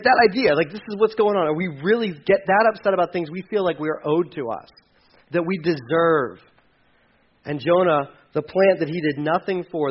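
A man preaching a sermon in a conversational, animated way, acting out quoted voices. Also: on the high side, husky, muffled recording. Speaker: pastor.

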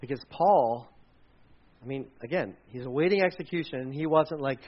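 A man's voice: medium pitch, moderate pace, husky, dull audio. A male pastor giving a sermon in a church, telling stories with animation and acting out quotes. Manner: animated storyteller, acts out quotes.

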